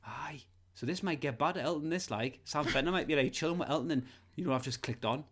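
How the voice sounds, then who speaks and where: A man's voice: on the high side, fast talker, a bit bright. A man co-hosting a podcast, rambling through crude casual banter, swearing and laughing often. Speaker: podcast co-host.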